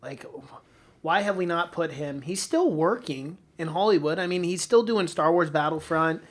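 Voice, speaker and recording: A man with a somewhat high voice joins in loose podcast banter. He speaks animatedly, words a bit slurred, and slips into acted-out quotes. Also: lively intonation, normal speed. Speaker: podcast co-host. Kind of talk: casual chat.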